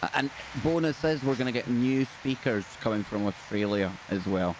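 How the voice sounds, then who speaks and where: A man's voice: medium pitch, animated, normal speed, background noise. A man with a Scottish accent hosting a live talk show, bantering in a jokey, self-deprecating way. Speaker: host. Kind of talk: casual live-show chat.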